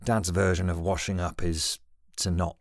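Male story reader, lowish voice, wry and exasperated, dry sound. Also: level tone, moderate pace, no echo. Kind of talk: story reading.

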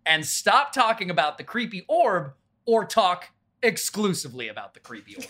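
A man playing a tabletop game, speaking fast and theatrically in character. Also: sits high, big pitch swings, pushed and bright. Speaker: player.

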